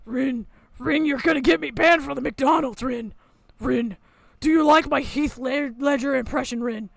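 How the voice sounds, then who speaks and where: A woman voicing a whiny man near forty who fakes a gruff hero voice and keeps pleading for praise. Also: high-pitched, moderate pace, no echo, studio quality. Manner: whiny, needy, repeating a name.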